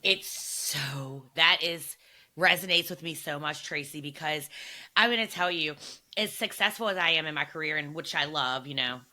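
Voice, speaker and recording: A woman's voice: deep voice, moderate pace, sharp tone. A woman podcast host chatting casually, enthusiastic and affirming toward her guest. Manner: enthusiastic and affirming, reacting with laughs. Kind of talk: casual interview chat.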